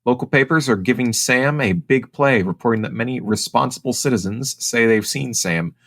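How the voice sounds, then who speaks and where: A man's voice: mid-range voice, moderate pace, a bit bright. A man from Ohio co-hosting a casual podcast, reading out notes and teasing his co-host with mock indignation.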